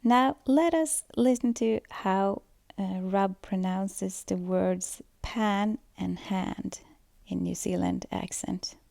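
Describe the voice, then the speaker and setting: A woman's voice: mid-range voice, slow pace, creaky, warm tone, no room sound, studio quality. A woman giving a scripted student presentation on pronunciation, explaining steadily with occasional fillers. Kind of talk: school presentation voice-over.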